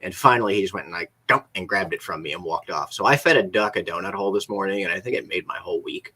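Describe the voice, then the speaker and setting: A man's voice: low-pitched, racing, bright, forceful tone, breathy edge. A man co-hosting a casual live show, telling a funny everyday anecdote in a laid-back way, with casual swearing. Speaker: podcast co-host. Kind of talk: casual chat. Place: lives in a Florida college town.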